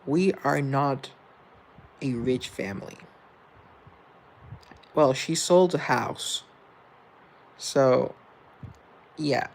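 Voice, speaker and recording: A man's voice: mid-range voice, very slow, gravelly, long pauses, slight background noise. A man hosting a live stream, chatting casually with viewers in a rambling, joking, self-deprecating way. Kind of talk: casual chat reading viewer comments.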